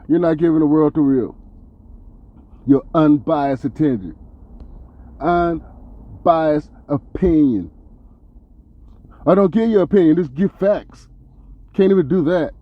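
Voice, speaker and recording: A man hosting a podcast, delivering a profane, heated and sarcastic rant that swings between loud outbursts and low mutters. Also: no echo, muffled recording. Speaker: podcast host. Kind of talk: ranting commentary monologue.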